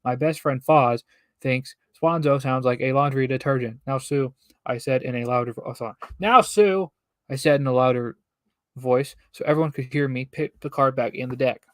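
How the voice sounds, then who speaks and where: A man's voice: mid-range voice, fairly even intonation, fairly quick, no echo. A young man casually reading a children's book aloud on a stream, breaking off for bemused jokes. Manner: reads with joking, bemused asides. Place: home streaming setup.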